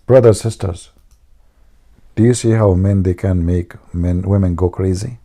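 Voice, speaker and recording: A man's voice: sits low, fairly even intonation, measured pace, dark tone. A man hosting a live stream, teasing his viewers and telling jokes in a mocking way. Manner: mocking, teasing, jokey asides.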